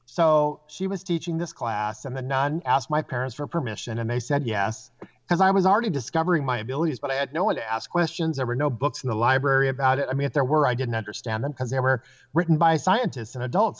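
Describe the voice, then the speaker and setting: Here the psychic guest talks fast, his voice at a medium pitch, as he animatedly recounts casual stories. He slips into the voices of the people in them, all captured in a dull, low-fidelity recording.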